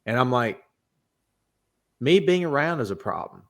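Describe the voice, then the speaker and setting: A man from the United States co-hosting a casual podcast chat, talking in an animated way, his voice jumping high when excited. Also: a little slow. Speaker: podcast co-host.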